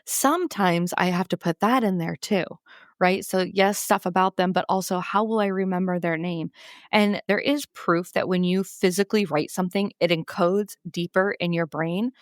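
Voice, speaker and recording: Woman co-host explaining stuff, lowish voice, dry sound. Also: normal speed, no room sound. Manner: explanatory, laughs easily. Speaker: podcast co-host. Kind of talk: casual chat.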